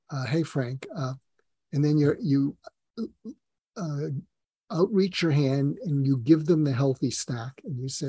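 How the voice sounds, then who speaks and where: An older man, a psychiatrist, telling stories earnestly in an interview, pausing often to find his words. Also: fairly high pitch, dark tone, husky, dry recording. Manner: earnest, storytelling with acted quotes, frequent hesitations. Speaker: psychiatrist guest. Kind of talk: conversational interview talk.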